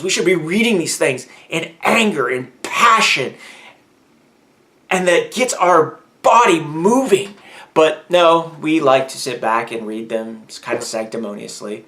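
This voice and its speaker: A man's voice: on the high side, measured pace, bright, forceful tone. Candid man venting in a vlog. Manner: candid, venting, grows heated and emphatic. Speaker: vlogger. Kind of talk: personal faith vlog.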